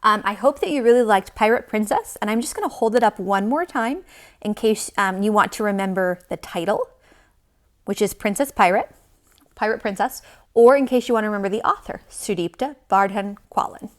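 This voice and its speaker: A woman teaching a yoga class to young children, gentle and encouraging as she leads the poses. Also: medium pitch, a little fast.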